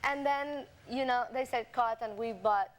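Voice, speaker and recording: A woman's voice: a little high, a little slow, lo-fi sound. Laughing woman talk show guest, satellite hiss. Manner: laughing storyteller, acts out quoted voices. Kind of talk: animated anecdote telling. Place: TV studio with audience. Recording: noisy satellite TV recording.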